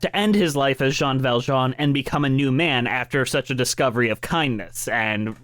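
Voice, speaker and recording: A man's voice: medium pitch, normal speed, a bit bright, no echo. A man co-hosting a casual podcast about musicals, enthusiastic and casually swearing. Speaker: podcast co-host.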